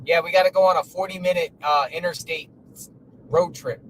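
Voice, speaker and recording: A man's voice: fairly high pitch, fairly even intonation, a little fast, poor audio. A man on a livestream, chatting casually while driving and reading out news updates. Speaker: livestream co-host. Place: inside a moving car. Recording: road noise from a car.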